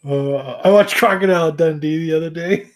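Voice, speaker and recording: A man with a slightly high voice chatting on a podcast. He talks in a playful, teasing way. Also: brisk. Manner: playful and teasing, laughs often. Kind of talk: casual chat.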